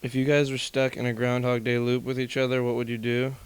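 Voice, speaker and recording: Smooth-voiced young man rambling casually. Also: medium pitch, brisk, no room sound. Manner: rambling, animated, swears a lot. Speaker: podcast host. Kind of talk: casual chat.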